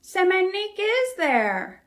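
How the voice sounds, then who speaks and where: A woman voicing a breezy, self-absorbed absent mother in a high sing-song voice. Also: huge pitch swings, takes it slowly, fairly bright tone, heavily acted. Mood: sweet.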